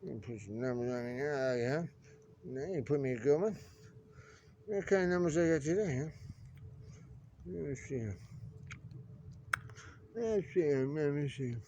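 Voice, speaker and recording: A man's voice: a little high, mellow, lo-fi sound, slight background noise. A man rambling chattily to camera outdoors, repeating himself and talking to the birds, filming one-handed on a phone. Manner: chatty, repetitive, talks to birds. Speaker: vlogger. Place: outdoors on pavement. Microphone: phone camera held in one hand.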